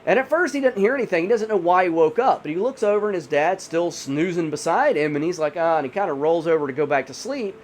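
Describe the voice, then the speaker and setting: A man with a high, lively voice tells a spooky campfire-style tale in casual, rambling speech, leaning on "you know" again and again. A faint hiss sits under the recording. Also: fast talker, hardly any pauses. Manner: rambling, many 'you know' fillers. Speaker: horror storyteller. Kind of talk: casual spoken horror storytelling.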